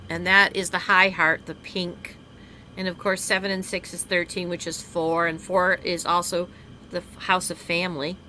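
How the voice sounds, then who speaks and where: A middle-aged woman gives a casual live card reading. Her voice is bright and forward, and she stretches out key phrases slowly for emphasis. A faint hiss sits behind her. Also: lowish voice. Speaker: card reader co-host.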